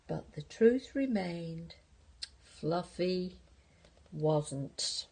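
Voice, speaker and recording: Older woman, grandmother reading a children's book, unhurried, husky. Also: mid-range voice, animated. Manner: warm, playful storytelling with whispered asides. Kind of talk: reading a picture book aloud.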